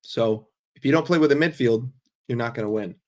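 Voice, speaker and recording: A man's voice: medium pitch, brisk, a little mellow. A man hosting a casual football livestream. He reads the chat aloud and answers with blunt, sarcastic, heavily profane opinions. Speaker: football fan streamer reading chat.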